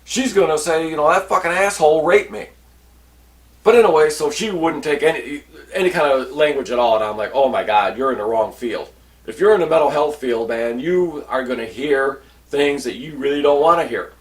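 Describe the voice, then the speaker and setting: A man's voice: medium pitch, a little fast. An older man rants in a casual, blunt way, swearing freely and acting out the lines of the people he dealt with. His voice sits in a middle register. He sounds a little distant from the microphone. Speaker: veteran vlogger. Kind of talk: casual storytelling rant. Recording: voice a bit distant from the mic.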